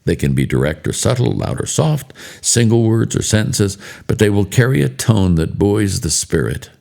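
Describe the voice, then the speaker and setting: Older man, deep voice, gravelly, devotional storytelling, measured, earnest. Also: big pitch swings, a little mellow. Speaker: devotional speaker. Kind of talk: reflective spoken devotional.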